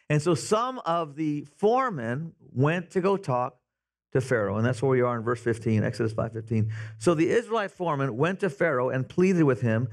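Animated man preaching a sermon. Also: on the high side, normal speed. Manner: animated storytelling, acting out Bible characters. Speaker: pastor. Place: church sanctuary.

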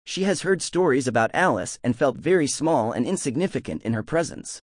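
Lively male audiobook narrator, dry sound. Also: mid-range voice, fairly quick, dry recording. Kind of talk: scripted novel narration.

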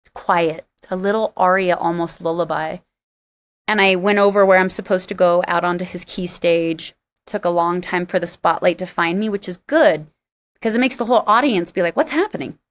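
Animated woman telling stories. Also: on the low side, normal speed. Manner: animated, laughs often, acts out dialogue. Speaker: singer-songwriter guest. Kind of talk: storytelling interview talk.

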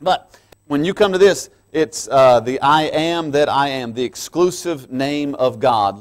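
A middle-aged man preaching a conversational midweek sermon, with folksy asides to the congregation, dropping to quiet asides and rising to loud emphatic stresses. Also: mid-range voice, measured pace. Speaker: pastor.

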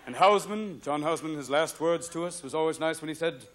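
A man in his thirties performing a stand-up comedy set on a theater stage, animated and quick to slip into mock voices. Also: a little high, heavy background noise. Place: theater stage before a live audience.

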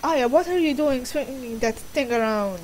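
A woman's voice: high-pitched, lively intonation, moderate pace, a little mellow, a little hiss or hum, poor audio. A woman reading out a stern scientist father. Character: stern scientist father scolding his daughter.

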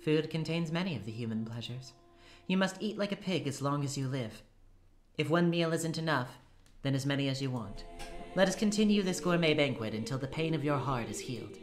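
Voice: medium pitch, animated, fairly quick, voice pushed up, close to an everyday voice. A reader voicing a cruel, theatrical adult female witch who taunts and gloats grandly, with music behind. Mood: indulgent.

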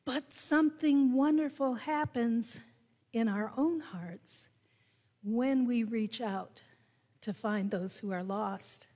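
A woman preaching with a Midwestern American accent, her voice sitting a little high. She tells her story slowly and deliberately, leaning into key words. The sound carries the long reverb of a church sanctuary. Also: mellow. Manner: storytelling, slow and deliberate with emphatic rises. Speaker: pastor. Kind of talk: sermon.

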